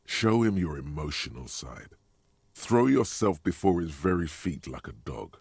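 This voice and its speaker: An actor voicing a sardonic male inner voice that narrates a game, with a gravelly, husky tone. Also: low voice, very animated, unhurried, darkish tone, dry recording, full character voice. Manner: sardonic, taunting.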